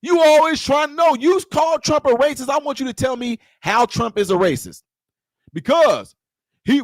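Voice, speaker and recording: A man's voice: very high voice, no echo, clean studio sound. A man delivering a confrontational political rant to camera, repeating his points and firing rhetorical questions. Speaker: political commentator.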